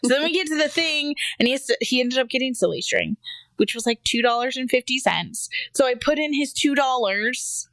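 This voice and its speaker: A woman's voice: brisk, no room sound. A woman co-hosting a casual podcast, telling funny family stories and acting out her kid's lines. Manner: animated storyteller, mimics her son in a high squeaky voice. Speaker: podcast co-host. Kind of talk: casual chat.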